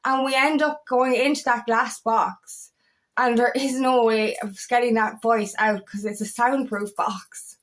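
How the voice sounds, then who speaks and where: Woman, empowerment coach, confessional vlog; quirky, heartfelt rambler who swears a lot, a little high-voiced. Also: steady tone, unhurried. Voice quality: eccentric, quirky talker. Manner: rambling, heartfelt, swears often, voice catching with emotion. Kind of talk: emotional personal vlog monologue. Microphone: camera.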